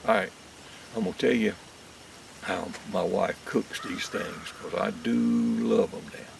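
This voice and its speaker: Gravelly Southern storyteller man, distant outdoors. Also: fairly low pitch, unhurried. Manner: lively drawling yarn-spinning. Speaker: host. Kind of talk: folksy storytelling. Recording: distant mic outdoors with faint nature noise.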